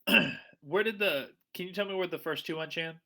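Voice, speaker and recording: Bright-voiced upbeat man. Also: fairly high pitch, brisk. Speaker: player. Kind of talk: casual tabletop game chat.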